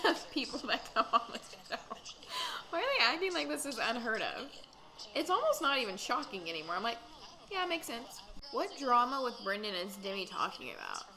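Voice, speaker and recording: A woman hosting a casual reaction recap of a reality dating show, chatting in a gossipy way with quick asides and bursts of laughter. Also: on the high side, sharp tone, slight background noise, low-quality recording.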